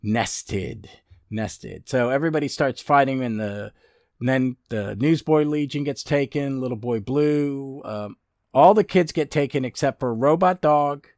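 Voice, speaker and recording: A man's voice: medium pitch, normal speed, darkish tone, no echo, clean studio sound. A man hosting a comic book podcast, recapping issues in a rambling way full of fillers and restarts.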